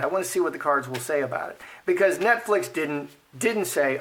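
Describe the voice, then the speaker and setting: A man's voice: on the high side, animated, fairly quick, fairly bright tone. A man giving casual commentary while reading cards, thinking aloud, repeating himself and murmuring the card names. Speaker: card reader.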